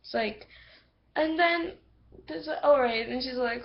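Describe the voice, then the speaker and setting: A woman giving a casual, rambling episode review on a computer microphone, excitable and full of fillers. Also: high voice, slow, vocal fry, lo-fi sound. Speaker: video reviewer.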